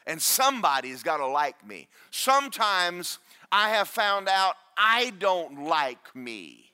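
Loud, lively preacher man. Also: takes it slowly, smooth. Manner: loud, booming preacher with self-deprecating humor. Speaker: pastor. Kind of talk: sermon. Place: church.

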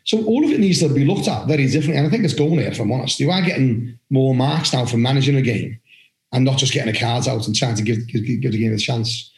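A man's voice: medium pitch, fast, a little mellow. Blunt, swearing man in a roomy echo. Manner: blunt, ranting, swears freely. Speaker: podcast host, former referee coach. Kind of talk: casual podcast chat.

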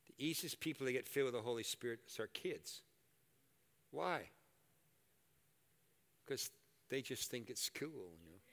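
An older man preaching a sermon and leading prayer in a church, animated and joking at his own expense. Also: medium pitch, a little slow, long pauses. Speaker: pastor. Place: church hall. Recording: echoey hall reverb.

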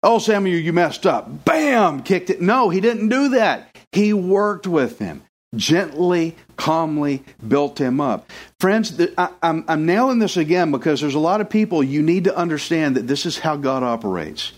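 Lively high-pitched male preacher. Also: normal speed. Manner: animated, acts out quoted voices. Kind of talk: sermon.

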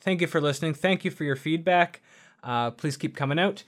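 A man's voice: fairly high pitch, a little fast, fairly bright tone. A man co-hosting a casual podcast from a radio studio, joking around and wrapping up the show. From Canada. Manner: joking, plays goofy character voices. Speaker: podcast co-host. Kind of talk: casual chat.

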